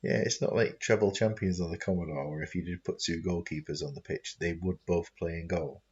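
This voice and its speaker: A man's voice: sits low, a little fast, a little mellow, highs cut off. A man hosting casual commentary on a football game stream, chatty and chuckling, sometimes stumbling over his words. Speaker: host and commentator.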